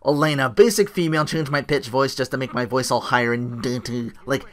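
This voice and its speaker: A man's voice: mid-range voice, fairly quick, heavy background noise. A man giving casual game commentary, rambling and leaning on filler words. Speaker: let's play commentator.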